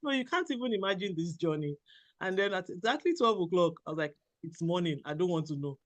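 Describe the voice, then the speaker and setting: A woman from Nigeria, a doctor in her thirties, telling a personal story as a podcast guest, animated, often laughing and quoting herself. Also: on the low side, fast. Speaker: guest, general practitioner.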